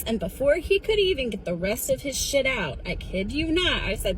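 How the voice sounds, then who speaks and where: A woman's voice: fairly high pitch, sing-song, moderate pace, hardly any pauses, slight background noise, rough recording. A woman telling a story in a casual selfie-video rant, blunt, profane and defiant. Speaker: social media video poster.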